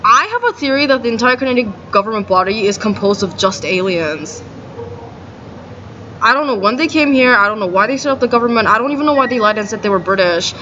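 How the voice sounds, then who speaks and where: A vlogger, a woman, delivers a rambling, agitated monologue to camera, indignant and full of "like." Her voice is medium-pitched and a bit bright, recorded as dull lo-fi audio with faint noise.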